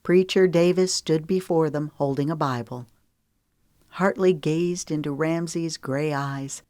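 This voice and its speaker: A woman with a notably low voice narrates an audiobook in an even, measured way. The recording is dry and close, with no room sound behind her. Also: no echo.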